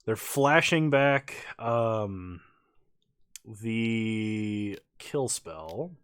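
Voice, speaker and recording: A man's voice: lowish voice, extremely slow, smooth, no echo. A man streaming a card game with casual commentary, laughing often and a little tipsy after a few beers. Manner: laughs often, relaxed and chatty.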